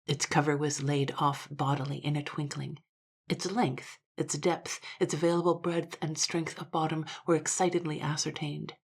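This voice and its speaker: A woman narrating a classic story in a measured voice that sometimes drops to a hush. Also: low voice, level tone, creaky, breathy edge.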